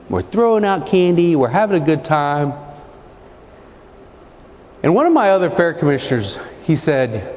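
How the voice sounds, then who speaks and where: A man's voice: medium pitch, a little mellow. A man from New Mexico, folksy and joking, telling stories in a humorous speech, recorded in a large echoey hall. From New Mexico, USA. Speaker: keynote speaker. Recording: echoey hall with faint background noise.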